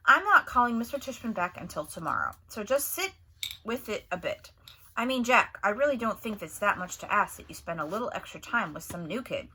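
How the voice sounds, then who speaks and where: A woman reading aloud and voicing a mother who gently coaxes her son. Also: mid-range voice, big pitch swings, a little fast, husky, heavily acted, poor audio. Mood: coaxing.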